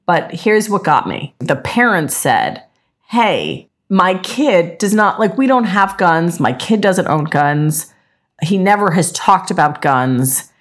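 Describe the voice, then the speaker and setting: A middle-aged woman with a New Jersey accent and a slightly low voice. She chats casually on a podcast, blunt and animated, acting out what people said in her stories. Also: slow. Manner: blunt, animated storyteller who acts out quotes. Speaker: podcast co-host. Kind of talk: casual chat.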